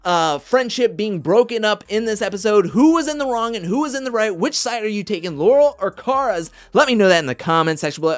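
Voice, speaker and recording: A man hosting a casual recap of a reality competition show, chatty and animated, often quoting others in mock voices. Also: sits high.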